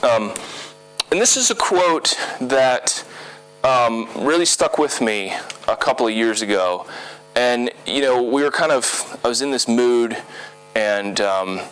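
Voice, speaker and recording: A man's voice: medium pitch, expressive, slow, fairly bright tone, clear, resonant tone, low-quality recording. A man giving a live talk at a design conference, speaking conversationally with lots of fillers and checking in with the audience. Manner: conversational, many fillers and "okay?" tag questions.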